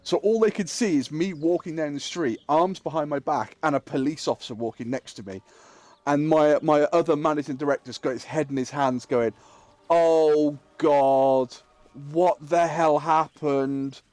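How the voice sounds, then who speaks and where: A middle-aged man streaming a game, casually telling an animated story and acting out the people in it. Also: fairly high pitch, a little fast, dry recording. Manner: animated, acts out quoted people, swears freely. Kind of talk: casual storytelling while gaming.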